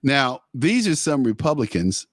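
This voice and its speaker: A male talk show host with a medium-pitched voice, speaking slowly and loosely. He laughs often and throws in mocking asides. The sound is dry and close, with no room echo. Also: very animated. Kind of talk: casual political talk.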